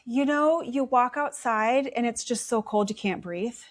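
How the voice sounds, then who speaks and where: A woman's voice: a little high, measured pace. Chatty middle-aged Upper Midwest woman. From South Dakota. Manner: chatty, animated, acts out quoted voices. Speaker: guest. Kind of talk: casual conversational storytelling.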